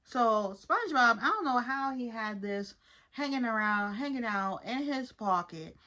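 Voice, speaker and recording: A woman reviewing a cartoon episode in loose, animated chat, calling her viewers "y'all." Her voice is bright and forward and sits a bit above average pitch. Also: a little slow. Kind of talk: casual commentary.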